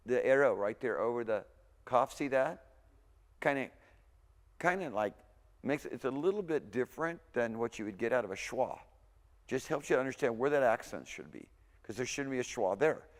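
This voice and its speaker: A male Hebrew instructor gives a recorded university lecture in a relaxed, conversational way, drilling pronunciation by repeating words slowly and saying "okay" often. His voice is mid-pitched, and the hall echoes.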